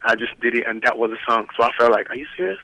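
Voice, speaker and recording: A man's voice: medium pitch, completely flat delivery, fast talker, pushed and bright, no room sound, low-quality recording. A man from Nigeria, a musician calling in to a radio interview, laid-back and casual, often saying "you know what I'm saying".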